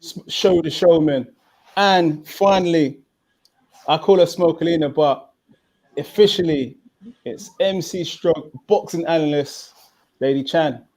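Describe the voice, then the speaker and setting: A man's voice: a little high, unhurried, a little mellow. Hyped young man hosting a watchalong. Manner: hyped, banter-filled. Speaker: host. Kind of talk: casual live watchalong chat.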